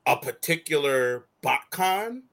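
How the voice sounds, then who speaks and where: A man co-hosting a fan talk show in casual chat, animated and rambling, with many restarts and frequent laughs. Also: fairly high pitch, slow, vocal fry. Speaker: co-host of a call-in fan show.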